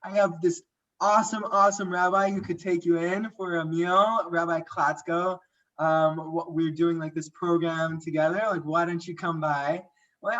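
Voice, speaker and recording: A man's voice: on the high side, fairly even intonation, normal speed, a bit bright, distant mic. A young man, a podcast guest, telling a personal story in a casual, rambling way, full of "like" and restarts. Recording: dull lo-fi audio.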